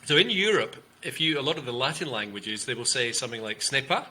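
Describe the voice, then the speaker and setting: A man, a communication coach, explaining ideas in an interview and demonstrating tone with loud and soft delivery and long pauses. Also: medium pitch, animated, slightly rough, poor audio. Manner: demonstrative, shifts loudness and uses long pauses to show tonality.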